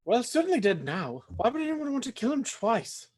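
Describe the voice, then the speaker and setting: A fussy, jittery butler talks in a lively, swooping voice and easily gets flustered and loud, as a performer acts him out. It is an amateur live play reading over a video call. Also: mid-range voice, brisk, breathy edge. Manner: flustered, rising into shouts.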